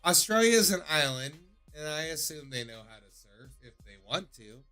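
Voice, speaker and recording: A man's voice: fairly high pitch, sing-song, moderate pace, sharp tone, faint music behind. A man hosting a call-in stream, chatting casually in a loose, joking, profane way. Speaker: call-in show host.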